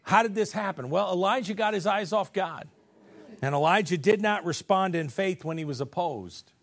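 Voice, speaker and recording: A man delivers a sermon in a notably high-pitched voice. He preaches in an earnest, folksy way, often stumbling and restarting his phrases as he retells scripture. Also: expressive, moderate pace, a bit bright.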